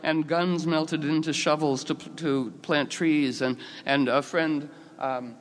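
A man telling rambling, expressive stories, with many fillers and restarts. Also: fairly high pitch, takes it slowly. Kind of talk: casual storytelling talk. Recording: long hall reverb.

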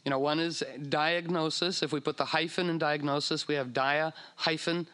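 A man giving a casual talk, animated and acting out quoted voices, with many fillers and restarts. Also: on the high side, normal speed, clear, resonant tone. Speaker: speaker on astrology.

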